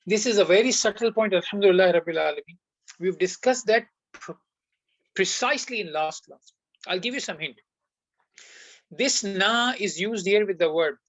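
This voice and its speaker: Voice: mid-range voice, moderate pace, long pauses, a bit bright, no echo, highs cut off. An Arabic teacher giving an online class lesson, who explains step by step, quizzes the students and sprinkles in devout phrases.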